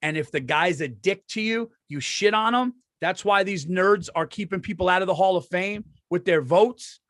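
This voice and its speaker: A middle-aged man co-hosting a podcast, telling animated stories and acting out quotes in casual chat. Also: high voice, moderate pace, no echo. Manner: animated storyteller, acts out quotes. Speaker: podcast co-host.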